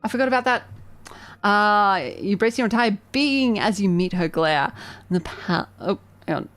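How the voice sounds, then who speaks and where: Chatty, excitable woman streamer. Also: mid-range voice, moderate pace, no room sound. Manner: excitable, chatty, self-deprecating. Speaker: vtuber streamer. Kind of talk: live game streaming and reading game text aloud.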